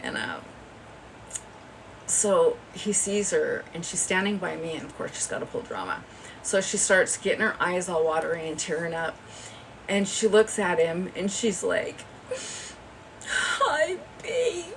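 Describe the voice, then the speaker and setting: Woman, livestream host, rambling gossip, fry in the voice, faint background noise. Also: lowish voice, lively intonation, moderate pace, recorded from a distance, low-quality recording. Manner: rambling, chatty, often laughing. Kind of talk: casual gossipy storytelling. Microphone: phone.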